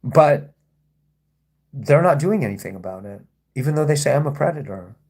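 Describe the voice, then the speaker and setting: A man's voice: medium pitch, expressive, moderate pace, darkish tone, husky. A man hosting a casual livestream, rambling and sarcastic as he reads and answers chat comments. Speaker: livestream host.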